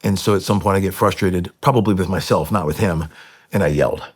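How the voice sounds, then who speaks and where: A middle-aged man speaking as a podcast guest, telling an emotional personal story in an earnest, halting way with many fillers and restarts. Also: sits low, breathy edge. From United States.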